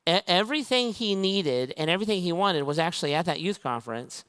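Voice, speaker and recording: A man's voice: sits high, fairly quick, clean tone. Male pastor preaching in a reverberant hall. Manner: animated storytelling, acting out both sides of conversations. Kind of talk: sermon. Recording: long reverb of a large hall.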